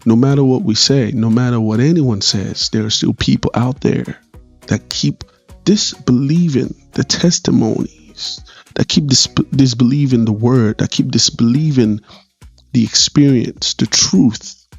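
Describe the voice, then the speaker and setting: A man with a gravelly voice gives earnest commentary on a testimony and presses his points again and again. The sound is dry and a little dull, with faint music behind him. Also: mid-range voice, measured pace, dry recording. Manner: earnest, insistent repetition. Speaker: reaction video host. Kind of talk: reaction commentary, preaching tone.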